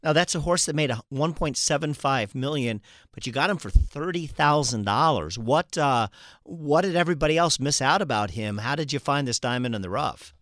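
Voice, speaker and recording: A man's voice: medium pitch, animated, moderate pace, a bit bright, no room sound, studio quality. A man hosting an interview, asking plain conversational questions. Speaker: interview host.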